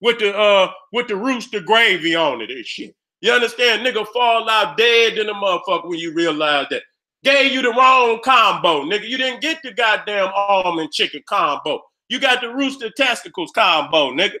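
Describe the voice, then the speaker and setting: A man with a very high, bright, sharp-edged voice goes off in a loud, profane rant. He talks straight to his viewers in streetwise slang and keeps slipping into short acted-out exchanges. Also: lively intonation, moderate pace. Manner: heated, streetwise, loud, acts out dialogues. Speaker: video host. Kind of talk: profane ranting commentary.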